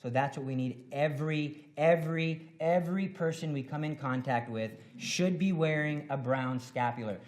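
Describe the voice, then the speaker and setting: A man giving an earnest devotional talk at a symposium, exhorting his listeners and breaking into loud, emphatic bursts. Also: a little high, normal speed, hardly any pauses. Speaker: conference speaker.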